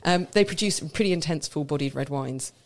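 In a radio studio, a co-host with a mid-range voice talks briskly about wine, explaining it in an easy, knowledgeable way. It's casual radio chat, and he or she laughs now and then.

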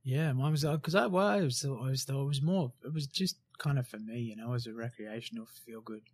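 A man's voice: medium pitch, brisk, darkish tone, breathy edge. Blunt, rambling man telling a story. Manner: frank and blunt, with swearing and many fillers. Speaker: guest, former commando. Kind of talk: casual storytelling interview.

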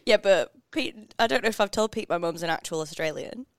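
A woman's voice: medium pitch, huge pitch swings, normal speed, a bit bright, no room sound, studio quality. A woman from England co-hosting a casual podcast chat, telling stories, laughing often and mimicking other people. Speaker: podcast co-host.

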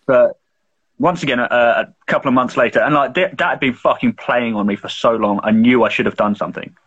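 A man's voice: mid-range voice, brisk, a bit bright, slightly rough, muffled recording. A young man co-hosting a podcast, telling a long personal story in casual chat, full of swearing, fillers and restarts. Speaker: podcast co-host.

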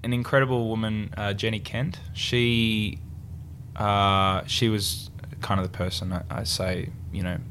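A young Australian man, an actor, chatting casually in an interview and telling relaxed, laughing anecdotes. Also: fairly low pitch, measured pace, slight background noise. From country Victoria, Australia. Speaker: actor and guest.

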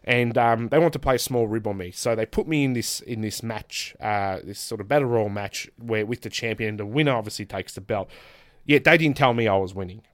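An Australian man in his thirties, a guest on a casual podcast, telling candid, animated stories, swearing and laughing often. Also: on the low side, fairly quick, no echo. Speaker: guest, pro wrestler.

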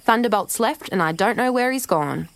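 A woman's voice: a little high, animated, normal speed, vocal fry, dry recording, voice pushed up. A woman voicing a defiant, proud young pregnant mother with a spirited, raised voice, in a storybook reading. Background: soft music.

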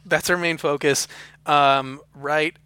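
A man's voice: a little high, fairly even intonation, takes it slowly, bright, forceful tone, smooth. A young man co-hosting a podcast, rambling through silly jokey bits in casual chat. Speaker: podcast co-host.

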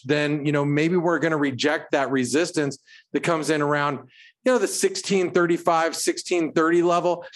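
Brief: slightly higher-voiced male co-host, loose market chat, playful puns. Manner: animated, punny, jokey asides. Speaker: co-host of trading show. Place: home.

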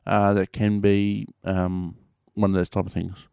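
An Australian vlogger talks casually to camera, rambling and laid-back with lots of slang and filler words. His deep, darkish voice is monotone, creaky, clear and resonant, delivered at a measured pace. The recording is studio quality with no echo.

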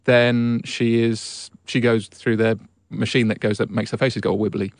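A man's voice: medium pitch, little pitch movement, moderate pace, no echo. A man on a film podcast, a critic talking casually and thinking aloud. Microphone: studio mic in a podcast booth.

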